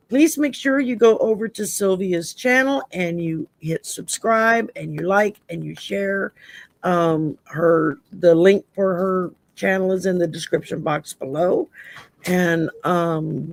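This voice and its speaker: A woman's voice: fairly low pitch, creaky, no echo. A middle-aged woman from the Gulf Coast with a Southern accent, hosting a casual live-stream chat and laughing often. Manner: chatty, laughs often, says y'all. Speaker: host.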